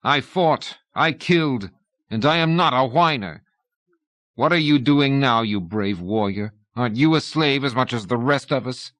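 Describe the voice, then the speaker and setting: A man reading an audiobook, voicing a bitter, weary male prisoner who speaks hollowly and low. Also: lively intonation, a little slow, fairly bright tone, no echo. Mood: angry.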